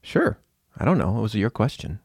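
A man's voice: fairly low pitch, very animated, normal speed, creaky, darkish tone, slightly rough, no echo, studio quality. A man co-hosting a casual faith podcast, upbeat and playful, prone to tangents. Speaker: podcast co-host.

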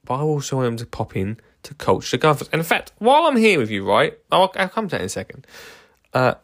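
A man's voice: medium pitch, huge pitch swings, fast talker. A man hosting a casual solo podcast, rambling enthusiastically with lots of fillers and restarts. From England. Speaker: podcast host.

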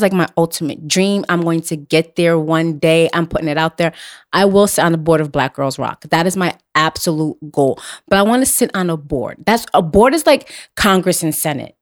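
A young adult woman hosting a podcast, talking bluntly and emphatically, repeating her points and swearing freely. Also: mid-range voice. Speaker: podcast host. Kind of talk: casual chat.

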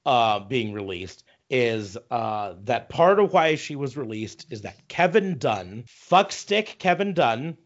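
A man's voice: medium pitch, expressive. Man, casual podcast chat, profane ranting, slightly dull lo-fi sound. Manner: profane, ranting, halting restarts. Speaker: podcast co-host.

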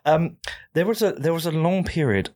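A man's voice: fairly high pitch, animated, moderate pace, a little mellow. A man chatting as a podcast guest in a candid, self-deprecating way. He rambles with plenty of fillers and swears casually. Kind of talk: casual conversation.

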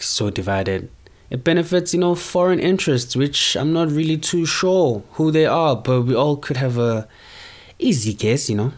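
Young male podcaster from South Africa; loose, slangy, animated monologue. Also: mid-range voice. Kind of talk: casual monologue.

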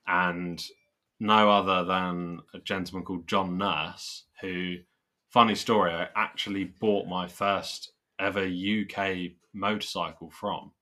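Young guy podcast co-host, low voice but bright and punchy, rambling through a story. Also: unhurried. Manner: animated, swears, laughs while telling anecdotes. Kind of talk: casual storytelling chat.

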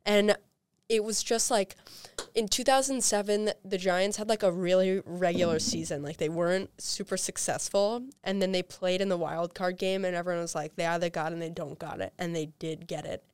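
A woman's voice: fairly low pitch, moderate pace, smooth, no room sound. Chatty young woman co-host. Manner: chatty, animated storytelling with many fillers. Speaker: podcast co-host. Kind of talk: casual chat.

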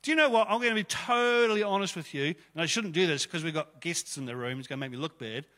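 A man preaches a casual sermon from a church stage, talking to his listeners like friends and slipping in jokes. His voice sits high and bright for a man. A long reverb from the hall trails after his words. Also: quick pace. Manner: chatty, jokey, conversational preaching. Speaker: pastor. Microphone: stage microphone.

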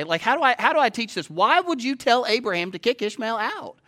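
Bright high-voiced male preacher. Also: expressive, a little fast, hardly any pauses. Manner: conversational, asks the audience questions often. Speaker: pastor. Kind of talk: sermon. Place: stage before a live audience.

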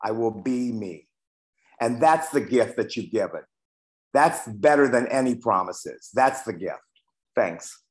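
Speaking a little slowly in an animated, mid-range voice, a man in his sixties reads a passage and then shares honestly about his own recovery as a meeting member. He's self-mocking and lets some profanity slip.

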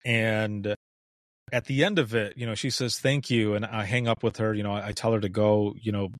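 A man's voice: fairly low pitch, fairly quick, no room sound, clean studio sound. A middle-aged man from Southwest Michigan, a former 911 dispatcher, telling stories in a casual chat and acting out the voices of the people in them. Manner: animated, acts out the voices in his stories, laughs often. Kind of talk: storytelling in casual conversation.

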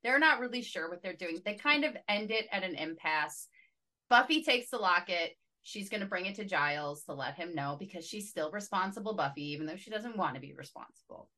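A woman's voice: mid-range voice, animated, a little fast, pushed and bright. A woman co-hosting a podcast about a TV series. She chats about episodes with enthusiasm and laughs often. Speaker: podcast co-host. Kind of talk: casual pop-culture recap chat.

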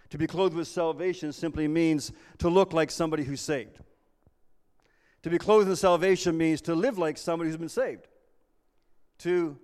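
A man's voice: fairly high pitch, a little mellow. Earnest male pastor preaching in a reverberant hall. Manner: earnest, with repeated restarts. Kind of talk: sermon. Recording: long reverb of a large hall.

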